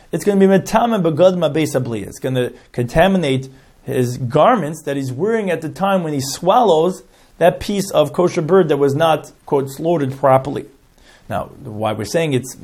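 A man's voice: mid-range voice, darkish tone. Man explaining a Talmud text. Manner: reads Hebrew and Aramaic terms and translates each into English; stops and restarts phrases while explaining. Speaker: Talmud teacher.

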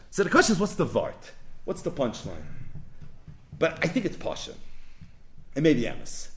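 A man teaching as a rabbi in a Torah lecture, animated, asking rhetorical questions and answering them, reciting verses slowly. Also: high voice. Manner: quotes verses in a slow recitation. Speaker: rabbi teaching a text class.

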